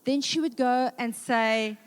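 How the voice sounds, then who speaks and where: A South African woman in middle age speaks at a church session in a lively, conversational way. Her talk is humorous and down to earth, and she acts out the words of moms, dads and children as she goes. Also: a little high, a little slow, clean tone. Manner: lively and conversational, acting out quoted family members. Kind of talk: humorous sermon.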